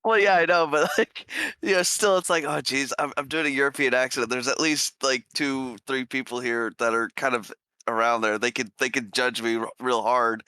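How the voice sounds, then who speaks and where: A man's voice: mid-range voice, normal speed, pushed and bright, clear, resonant tone, dry recording. An American man chatting casually over voice chat, eager and self-deprecating, often stammering over the start of a thought. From United States. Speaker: player in an online tabletop game group.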